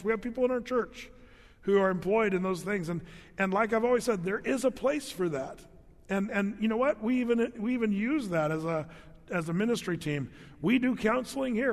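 Middle-aged guy preaching, casual jokey sermon, kinda high voice, long hall reverb. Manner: conversational, joking asides, repeats words. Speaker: pastor.

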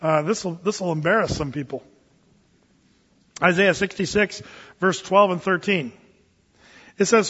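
A middle-aged man preaches in a relaxed, folksy way with easy chuckles. His voice sits high and a little husky. The sound is muffled and carries a long hall echo. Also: moderate pace. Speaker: pastor. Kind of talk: sermon.

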